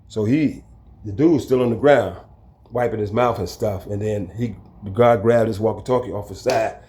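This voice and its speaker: A man telling a story from his own life in a casual, lively way, acting out the people in it. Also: lowish voice, normal speed. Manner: animated, acts out the people in his story, chuckles. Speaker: storyteller recounting his prison time. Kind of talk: casual spoken storytelling to camera.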